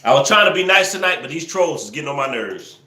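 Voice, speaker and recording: A man hosting a live stream, teasing viewers and scolding trolls in the chat, sometimes yelling excitedly. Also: on the high side, fast, echoey room. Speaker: livestream host. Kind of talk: casual live-stream commentary, talking to the chat.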